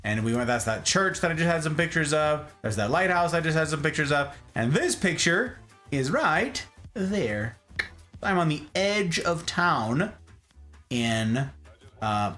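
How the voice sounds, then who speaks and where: Soft music plays under this man's moderately paced voice as he hosts an easygoing talk show. The podcast host chats and jokes about his travel photos, animated throughout, with pitch leaps to emphasize his points.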